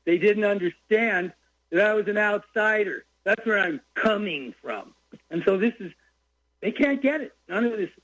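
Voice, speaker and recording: A man's voice: high-pitched, lively intonation, normal speed, a bit bright. An older man calling in to a radio show, talking in a rambling, heated way that jumps from topic to topic. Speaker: caller. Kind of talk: call-in radio rant. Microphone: phone line. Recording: dull lo-fi phone call.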